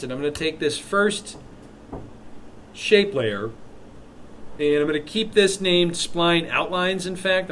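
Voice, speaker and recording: A man teaching a live software class, walking students through steps with chatty, joking asides. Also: fairly high pitch, slight background noise. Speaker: instructor.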